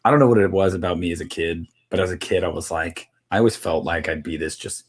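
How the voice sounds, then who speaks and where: Deep-voiced guy chatting laid-back on a podcast, thinking out loud. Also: fast, breathy edge. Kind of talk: casual chat.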